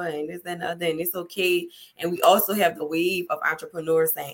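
A lower-voiced, emphatic woman podcast host. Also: steady tone, fast, hardly any pauses, bright, forceful tone. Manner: emphatic, motivational, chatty. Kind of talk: casual podcast conversation.

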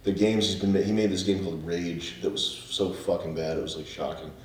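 A man co-hosting a casual podcast adds short, dry comments to the conversation. His voice sits low for a man. He is set back from the mic in a very echoey room, with faint music in the background. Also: fairly even intonation, a little fast, distant mic, slight background noise. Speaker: podcast co-host. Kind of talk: casual chat.

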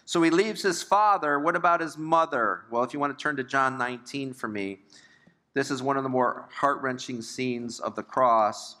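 A man's voice: medium pitch, moderate pace, sharp tone. An older man leading a Bible study class. He talks conversationally, asks the group questions and drops in joking asides. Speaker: Bible teacher.

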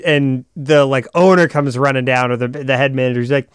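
A man co-hosting a casual TV episode recap, retelling scenes in an animated way and acting out what the characters say. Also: medium pitch, brisk, few pauses, smooth, no room sound, clean studio sound. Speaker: podcast co-host.

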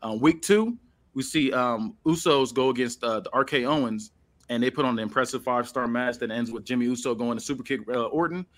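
A man hosting a casual podcast, loosely reading out a storyline with pauses and restarts. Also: medium pitch. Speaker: podcast host.

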